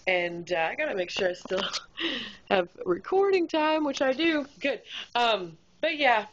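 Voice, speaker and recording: A woman's voice: a little high, very animated, a little slow. A woman who works as a restaurant server tells a story about a difficult customer in a candid, exasperated way, with lots of fillers. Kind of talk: casual storytelling vlog. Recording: dull lo-fi home recording.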